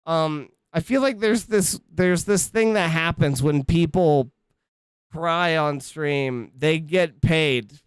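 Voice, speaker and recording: A man in his thirties chats casually on a livestream from his home setup, rambling, swearing, and breaking off mid-thought. His voice is a little high and smooth, he takes his time, and the recording is dry.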